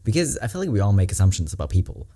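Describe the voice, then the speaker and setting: Casting: reaction vlogger, mellow low voice, candid, rambling, emotional. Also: sing-song, very fast. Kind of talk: casual reaction commentary.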